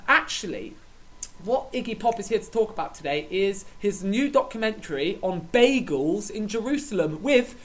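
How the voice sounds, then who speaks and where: A man's voice: high-pitched, animated, moderate pace. Theatrical man co-hosting a comedy show. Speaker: comedy podcast co-host. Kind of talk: improvised comedy sketch.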